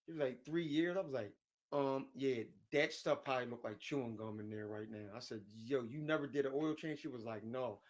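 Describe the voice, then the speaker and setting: A man's voice: mid-range voice, brisk. Slangy, loose-talking man chatting casually. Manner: loose slangy talk, repeats words, jumps between topics; often chuckles while talking. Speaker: streamer chatting with viewers. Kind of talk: casual chat.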